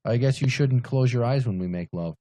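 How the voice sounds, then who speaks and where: A man's voice: medium pitch, a little fast, warm tone, no room sound. A man bantering crudely on a podcast, joking and laughing at his own gags.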